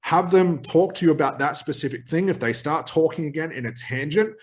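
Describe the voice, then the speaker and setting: A man teaching hypnotherapy technique straight to camera, energetic and emphatic, with quick asides. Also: a little high. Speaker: hypnotherapy trainer. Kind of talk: direct-to-camera teaching talk.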